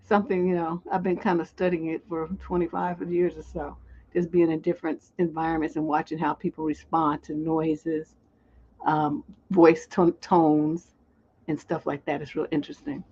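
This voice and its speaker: A woman's voice: deep voice, flat delivery, moderate pace, a little mellow, breathy edge, lo-fi sound. A woman relationship coach, talking bluntly and with profanity on a livestream. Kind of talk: livestream advice talk.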